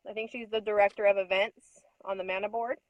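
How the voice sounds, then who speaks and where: A woman's voice: medium pitch, little pitch movement, fast, no echo, dull audio. Upset woman recounting an incident, hesitant. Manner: hesitant, filler-heavy storytelling; audibly upset, near tears at times. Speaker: conference attendee recounting an incident. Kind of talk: casual recounting conversation.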